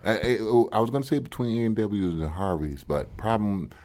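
A man co-hosting a podcast, relaxed and swearing, often saying "you know". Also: lowish voice, brisk. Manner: laid-back, swears, leans on "you know". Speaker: podcast co-host. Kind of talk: casual chat.

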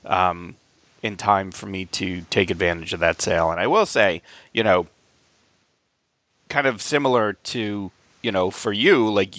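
Man, lowish voice, casual podcast chat, rambling, restarts, swears, dry close mic. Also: a bit bright, no room sound. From Albany, New York area. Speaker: podcast co-host.

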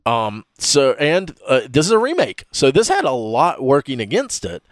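A man's voice: medium pitch, huge pitch swings, dry recording, clean studio sound. A man hosting a casual podcast, rambling and stumbling over names as he talks. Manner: rambling, halting, fumbles names. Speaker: podcast host.

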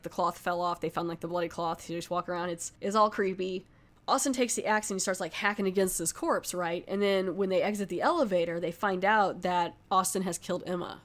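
A woman casually retelling a horror film's plot as a movie reviewer, rambling and filling with "like" as she goes. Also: medium pitch. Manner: rambling, filler-heavy storytelling with frequent "like". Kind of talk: casual spoken film recap.

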